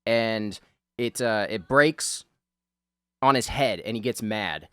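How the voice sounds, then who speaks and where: A man's voice: fairly low pitch, slow, sharp tone, clear, resonant tone, no echo. Rambling, chuckling man, dry close sound. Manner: rambling, self-mocking, laughs often, swears casually. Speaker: video host. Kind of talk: rambling casual chat while drawing.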